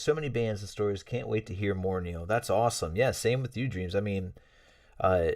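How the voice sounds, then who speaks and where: Low-voiced man chatting on a livestream. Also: no echo, studio quality, distant mic. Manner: rambling and friendly, with many fillers and chuckles. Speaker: livestream host. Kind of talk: casual livestream chat reading out chat messages.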